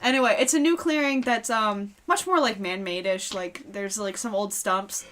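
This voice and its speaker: A woman's voice: medium pitch, normal speed, a bit bright. A woman running a tabletop game as game master, describing scenes loosely with plenty of fillers.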